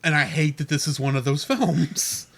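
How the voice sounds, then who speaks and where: A man's voice: on the high side, steady tone, moderate pace, a bit bright. A man co-hosting a podcast, chatting casually and eagerly about a film review, sometimes running over his partner's lines. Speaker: podcast co-host. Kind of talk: casual movie review chat.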